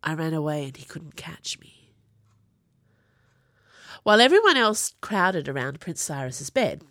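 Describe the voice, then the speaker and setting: A woman narrating an audiobook in an expressive reading voice. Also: low-pitched, no echo, clean studio sound.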